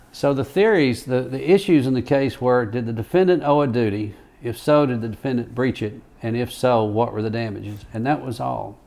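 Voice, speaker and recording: A man's voice: medium pitch, moderate pace, gravelly, few pauses, darkish tone. An older man and retired lawyer recounting courtroom stories in an oral history interview, rambling with fillers and chuckles.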